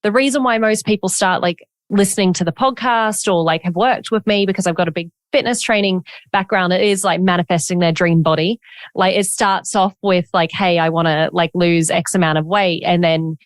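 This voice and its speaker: A woman's voice: mid-range voice, a little fast, dry recording, clean studio sound. A woman hosting a podcast, chatty and personal, who affirms her guest often and shares her own stories. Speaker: podcast host. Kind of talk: casual interview chat.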